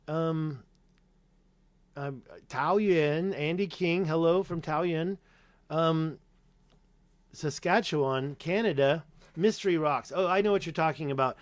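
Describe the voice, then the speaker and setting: A man's voice: on the high side, no room sound. A man hosting a casual live-stream Q&A, rambling and chatty, correcting himself and reading viewer names aloud. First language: English. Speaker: YouTube host answering live chat.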